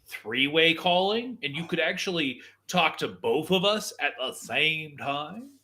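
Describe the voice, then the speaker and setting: A man co-hosting a live talk show, speaking casually in a dry, teasing, measured way. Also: on the high side, animated, bright, forceful tone. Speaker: podcast co-host. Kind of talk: casual chat.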